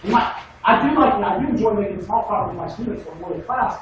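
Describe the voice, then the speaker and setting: A man's voice: high-pitched, fast, highs cut off. A man giving a casual classroom lecture on debate, wry and sarcastic, sometimes mocking students in put-on voices. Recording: echoey room from far off, noisy.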